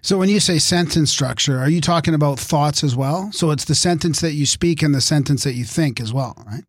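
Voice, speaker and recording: Male podcast host, thinks aloud through loose, filler-heavy questions; a touch higher voice, dry close sound. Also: brisk, dry recording. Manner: rambling, hedging questions with many fillers. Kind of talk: conversational interview questions.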